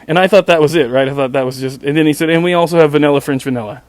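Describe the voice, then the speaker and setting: A man's voice: a little high, very fast, few pauses, darkish tone, dry recording. A man hosting his own show, telling a story in a sarcastic, exasperated and profane way, often restarting his sentences. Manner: repetitive stammering restarts. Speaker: podcast host. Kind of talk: casual storytelling monologue.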